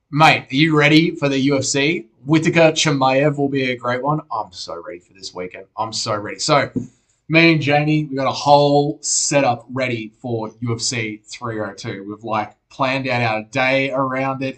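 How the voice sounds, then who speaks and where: Young Australian male streamer, relaxed casual chat host, sweary and matey. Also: medium pitch, moderate pace. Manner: laid-back, swears often, calls viewers mate.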